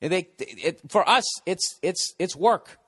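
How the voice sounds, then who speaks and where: A man's voice: sits high, lively intonation, unhurried, a bit bright, husky. A man hosting a podcast, ranting in a blunt, cynical way, swearing freely and stumbling over restarts. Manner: profane, rambling, stumbles and restarts. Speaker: podcast host. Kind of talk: casual podcast rant.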